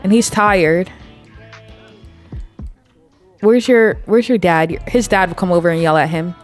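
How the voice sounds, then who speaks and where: A woman's voice: fairly low pitch, a little fast, faint music behind. A woman giving casual, amused commentary on her life-sim game, narrating what her characters do. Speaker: gameplay video creator.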